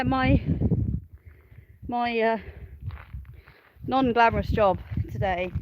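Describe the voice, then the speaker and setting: A woman's voice: mid-range voice, highs cut off, slight background noise. Cheerful woman vlogging outdoors on a farm. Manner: cheerful, laughs often, chats to animals and viewers. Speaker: smallholding farmer and vlogger. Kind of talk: chatty outdoor farm vlog.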